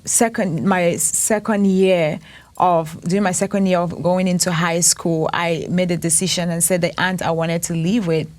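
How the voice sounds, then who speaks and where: A woman in her thirties from Cameroon, sharing a personal story as an interview guest in an earnest, reflective, unhurried way. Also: lowish voice. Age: 30s. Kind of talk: personal testimony.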